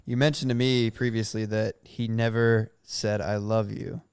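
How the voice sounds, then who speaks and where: A male host in a casual interview, asking gentle probing questions and adding brief backchannels. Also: on the low side, steady tone, moderate pace, clear, resonant tone, no room sound, clean studio sound.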